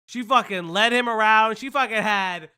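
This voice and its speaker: A stream host giving crude, joking reaction commentary with loud outbursts. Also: medium pitch, moderate pace, clean tone.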